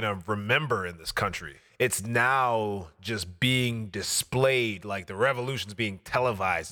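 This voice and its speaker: Bright-voiced earnest podcast host. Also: male voice, on the low side, big-room sound. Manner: earnest, heartfelt, rambling. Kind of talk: casual podcast chat.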